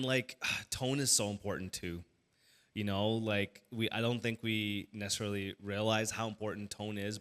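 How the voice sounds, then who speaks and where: A male pastor talking casually to his congregation from the stage. His tone is bright and forceful, and he talks in an animated way, stumbling through fillers and restarts as he goes. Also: medium pitch. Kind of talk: casual teaching talk to a church audience.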